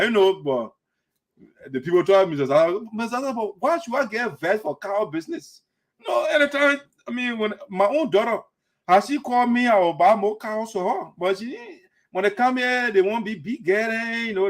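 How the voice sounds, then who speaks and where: Male commentator, high voice, rambling and laughing. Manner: rambling, laughing, animated storytelling with voice swings. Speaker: commentator on diaspora news. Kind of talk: casual commentary.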